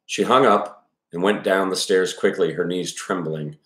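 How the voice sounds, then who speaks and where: Man, very deep voice, reading a novel with commentary, casual and profane, echoey room. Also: fairly even intonation, a little slow, a bit bright. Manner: casual, profane asides with many fillers. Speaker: audiobook reader and commentator.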